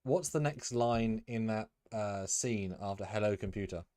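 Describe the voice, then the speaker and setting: A man's voice: lowish voice, measured pace, warm tone, no echo, studio quality. A man hosting a casual live stream, rambling with lots of fillers and restarts.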